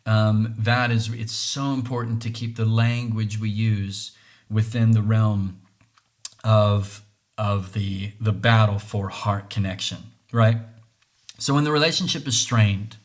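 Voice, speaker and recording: An earnest man speaking as a podcast host, thinking aloud about relationships. He circles back, restarts his phrases and keeps checking in with a quick "right?". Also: on the low side, steady tone. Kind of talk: reflective monologue on relationships.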